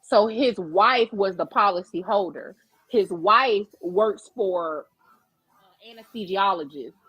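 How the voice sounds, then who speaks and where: A woman co-hosting a podcast, telling a story in a brash, profane, animated way. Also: mid-range voice, slow pace, breathy edge, no room sound. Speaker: podcast co-host. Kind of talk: casual storytelling chat.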